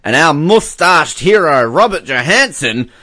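A man's voice: fairly high pitch, very animated, a little slow, sharp tone, no echo, clean studio sound. A man from Australia casually reading sports results on a podcast. He jokes, laughs often and stumbles over foreign names. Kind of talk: casual chat.

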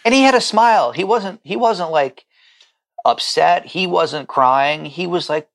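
A middle-aged man with a gravelly edge to his voice talks as a guest on a podcast call. He is heartfelt and keeps catching on repeated words when the feeling gets to him. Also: high voice, expressive, measured pace, a bit bright. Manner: heartfelt, stammering repetitions when moved. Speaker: chef and restaurant owner, guest. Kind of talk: emotional podcast conversation.

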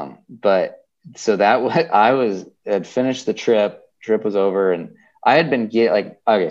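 A man's voice: low-pitched, darkish tone, highs cut off. A young man chatting casually as a podcast guest, rambling and emotional, full of fillers and restarts. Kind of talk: casual chat.

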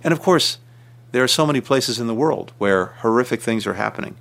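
A man, a senior official, giving measured interview answers with emphatic stresses and frequent restarts. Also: mid-range voice, lively intonation, creaky, fairly bright tone.

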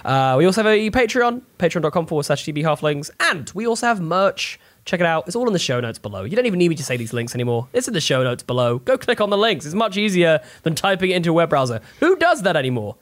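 A man's voice: on the high side, fast, hardly any pauses. A man hosting a casual podcast, playful and chatty, often repeating his words. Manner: lively, playful, repeats himself. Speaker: podcast host.

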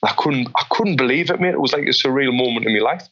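A man, a boxing coach being interviewed, telling animated stories and often restarting his sentences. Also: mid-range voice, fast talker, highs cut off. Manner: animated storyteller with many restarts. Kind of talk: interview conversation.

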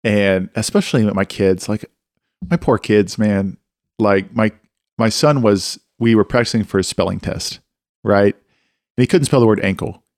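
A man speaks candidly and pokes fun at himself, with a fairly low voice. He tells stories from home in a plain, unhurried way. The sound is dry, right on the mic. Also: darkish tone, no echo. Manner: candid, self-deprecating, anecdotal. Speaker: co-host and father. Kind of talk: casual faith-based discussion.

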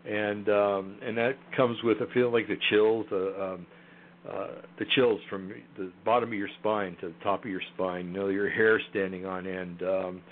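A man's voice: on the low side, level tone, moderate pace, slight background noise. A man guest in a casual interview, talking hesitantly with many fillers and restarts. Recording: tinny phone line.

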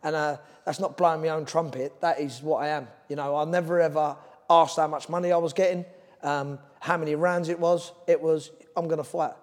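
A man's voice: on the high side, fairly even intonation, a little fast, in a large hall. Earnest Cockney-accented man, rambling. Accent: London Cockney. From Ireland. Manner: rambling, earnest, drifts off topic. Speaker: former boxer, guest. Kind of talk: candid podcast interview.

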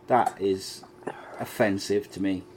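A man's voice: low-pitched, fairly even intonation, slow, background noise. A man hosting a casual podcast, reading out listener messages with blunt, mock-offended humour. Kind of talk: casual chat.

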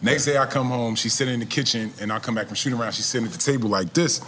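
A man telling a story in a casual chat, lively and acting out the voices of the people he quotes. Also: medium pitch, rapid-fire, slight background noise. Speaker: guest, cannabis business owner.

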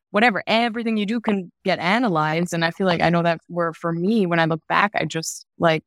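A woman's voice: fairly low pitch, no room sound, studio quality. A woman co-hosting a casual podcast chat, earnest and reflective.

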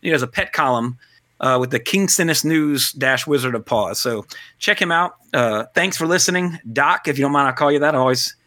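A man's voice: medium pitch, a little fast, bright, forceful tone, no room sound, studio quality. A man hosting a podcast in casual, rambling chat, joking at his own expense. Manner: rambling, self-deprecating, joking. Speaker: podcast host.

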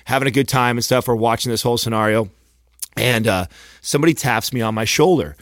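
A man's voice: medium pitch, fairly quick, no echo. Man telling a wild bar story, dry mic. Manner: animated, profane, acts out quotes. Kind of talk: casual storytelling chat.

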